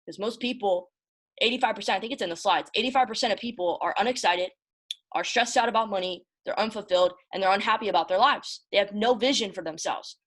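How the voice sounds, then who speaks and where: A woman speaks in an emphatic, heartfelt motivational style, her voice at an average pitch for a woman. She stumbles and repeats words as feeling wells up and often calls her listeners y'all. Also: brisk. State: emotional, close to tears. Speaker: motivational host. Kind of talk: casual motivational talk.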